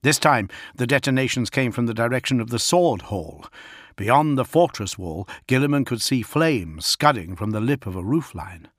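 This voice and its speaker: Measured male audiobook narrator, dry sound. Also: medium pitch, no echo. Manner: even, measured storytelling.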